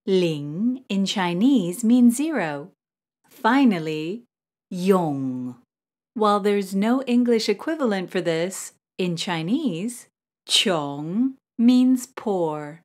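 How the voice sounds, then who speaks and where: A young woman giving a scripted pronunciation lesson, drawing out each model syllable slowly and carefully. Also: medium pitch, expressive, darkish tone. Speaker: pronunciation teacher.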